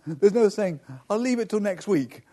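A man's voice: high-pitched, expressive, unhurried, dark tone. A man, a pastor preaching a sermon directly and earnestly to his congregation.

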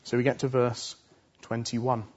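A man's voice: mid-range voice, completely flat delivery, unhurried, a little mellow, husky, muffled recording. A man preaching a sermon earnestly, pressing his points home with emphatic repetition. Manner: earnest, emphatic, repeats phrases for stress.

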